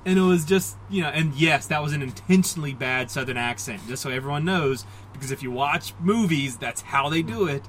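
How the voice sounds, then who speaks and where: A somewhat high-voiced man chatting on a podcast, rambling through his thoughts with plenty of fillers and self-deprecating asides. A faint hum sits under his voice. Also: brisk, hardly any pauses, fairly bright tone, poor audio. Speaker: podcast co-host. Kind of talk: casual comic book discussion.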